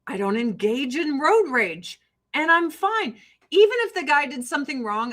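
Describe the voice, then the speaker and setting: Bright-voiced woman with a Chicago-area accent. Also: sits high, big pitch swings, normal speed, low-quality recording. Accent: Chicago-area Midwestern. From Illinois, US. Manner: profane, laughs often, imitates people. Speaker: livestream host selling skincare. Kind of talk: casual rambling chat.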